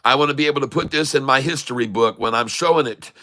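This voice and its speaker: Excitable older man calling stock trades. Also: mid-range voice, fast talker. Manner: excitable, boastful, jokey. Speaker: stock-trading streamer. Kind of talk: live market commentary.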